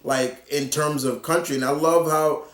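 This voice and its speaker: A man's voice: a little high, steady tone, moderate pace, fairly bright tone. Guy rambling thru a comic review, lots of um and you know, echoey room. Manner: rambling, many fillers and restarts. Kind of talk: casual spoken review. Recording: roomy echo.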